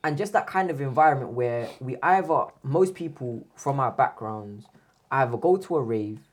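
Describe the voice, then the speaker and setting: Podcast host, man, husky, mid-pitched, loose and rambling. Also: expressive, moderate pace. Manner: rambling, restarts, self-correcting. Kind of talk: casual interview.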